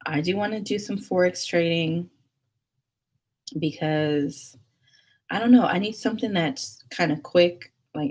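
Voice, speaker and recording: A woman's voice: low-pitched, darkish tone. A young woman hosting a casual livestream, chatting with viewers and reading their comments, with laughs and whispered asides. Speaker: livestream host.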